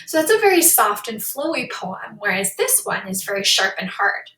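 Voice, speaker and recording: Bright-voiced woman teaching poetry, echoey. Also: mid-range voice, very animated, moderate pace, few pauses, recorded from a distance. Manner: explanatory, upbeat, says "really cool". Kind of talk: classroom lesson on poetry with read-aloud examples. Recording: echoey room, voice a bit off-mic.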